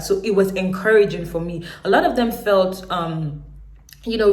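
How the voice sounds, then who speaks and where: A Nigerian woman in her thirties, telling her own story to camera in a lively way. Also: on the low side, reverberant. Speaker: business owner.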